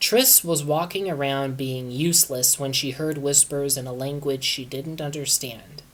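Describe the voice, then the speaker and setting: A woman reading fan fiction aloud in a measured, deadpan way, as the host of her channel. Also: very deep voice.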